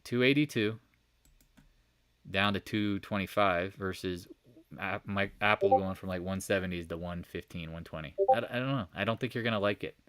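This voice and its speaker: A man hosting a casual market recap, talking through charts with jokey asides, swearing and sudden loud outbursts. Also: sits low, moderate pace, no echo. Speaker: stock market recap host. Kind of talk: casual screen-share chart commentary.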